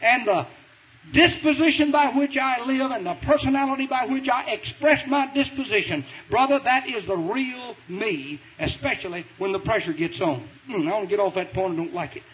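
A man preaching a sermon in a folksy, emphatic way, pushing into shouts, heard over a tinny radio broadcast. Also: extremely high pitch, normal speed. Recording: tinny phone-like radio broadcast with faint hiss.

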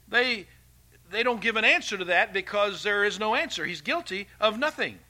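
A man preaching a sermon, his voice bright, sharp and forceful. He pitches a little above the usual male range and swings between loud, emphatic declarations and quiet, hushed passages. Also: lively intonation, moderate pace.

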